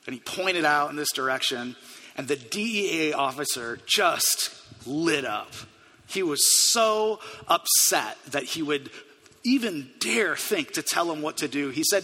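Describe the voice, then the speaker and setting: Male preacher, earnest storyteller; high, forceful voice in a reverberant sanctuary. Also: animated, measured pace. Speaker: pastor. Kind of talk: sermon. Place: church sanctuary. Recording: long hall reverb.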